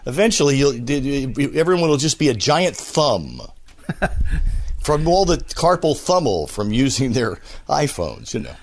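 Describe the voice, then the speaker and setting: A man's voice: mid-range voice, big pitch swings, normal speed, few pauses, a little hiss or hum. A man chatting as a radio interview guest, joking and rambling. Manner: joking, rambling, full of voices. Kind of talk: casual interview chat.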